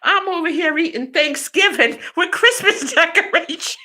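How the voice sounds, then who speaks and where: A woman's voice: very high-pitched, normal speed, pushed and bright, slight background noise, voice pushed up. A woman voicing her grumpy, dramatic old Italian father, who sounds exasperated and indignant. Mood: indignant grumbling.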